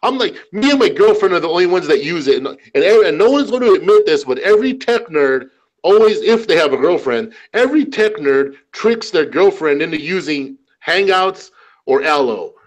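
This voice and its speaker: A man in casual chat, telling animated stories, swearing often and saying "man" a lot. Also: a little high, fairly quick, low-quality recording.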